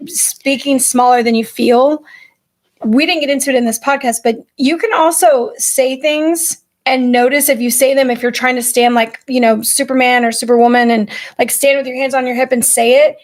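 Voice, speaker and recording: A woman co-hosting a podcast in casual chat, animated and candid, often chiming in with quick agreement. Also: sits high. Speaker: podcast co-host.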